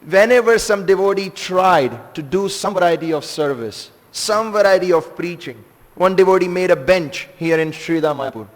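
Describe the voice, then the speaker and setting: A man giving a scripture class to a seated audience in a temple hall, telling stories in an animated, emphatic way with some hesitant fillers. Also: high voice, moderate pace. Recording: long reverb of a large hall.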